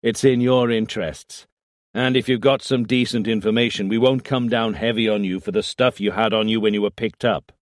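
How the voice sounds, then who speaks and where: A man's voice: fairly low pitch, fairly even intonation, brisk, no echo, clean studio sound, voice pushed up, lightly acted. A man voicing a tired, irritable police detective who questions a witness curtly. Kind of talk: audiobook character voice.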